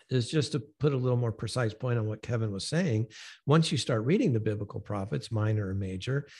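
Gravelly-voiced man explaining at length. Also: mid-range voice. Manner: measured, explanatory, gently emphatic. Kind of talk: conversational teaching.

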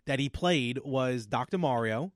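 A man in his late thirties co-hosting a casual podcast, quick with jokes and laughing often. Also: medium pitch, no echo, clean studio sound. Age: 30s. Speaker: podcast co-host. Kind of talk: casual chat.

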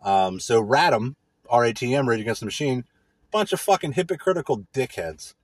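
A man's voice: mid-range voice, big pitch swings, fairly quick, husky, no echo. A man in a casual monologue as a podcast host, ranting with heavy profanity and mocking impressions.

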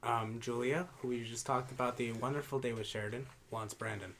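A young woman co-hosting a podcast, talking in a relaxed, hesitant way that trails off. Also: extremely low pitch, a little fast, a little hiss or hum. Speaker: podcast co-host. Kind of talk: casual chat.

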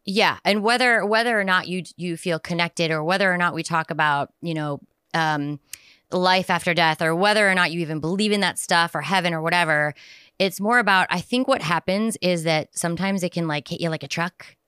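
A woman's voice: on the low side, brisk, bright, forceful tone, smooth, no echo, clean studio sound. A woman co-hosting a podcast in casual chat, rambling and jokey, sometimes slipping into silly voices. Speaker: podcast co-host.

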